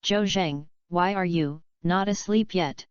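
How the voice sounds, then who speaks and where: A woman's voice: lowish voice, slow, clean tone, no room sound. A woman reading the lines of a shy young heroine in an audiobook, in her own plain voice. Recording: dull lo-fi dry recording.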